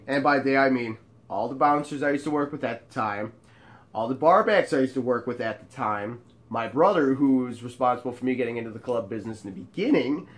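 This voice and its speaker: A man spins a casual story about his bar days, animated and joking. He swears freely and keeps things loose and playful, in a mid-pitched, ordinary voice. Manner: animated and joking, with frequent profanity. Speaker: show host telling bar stories.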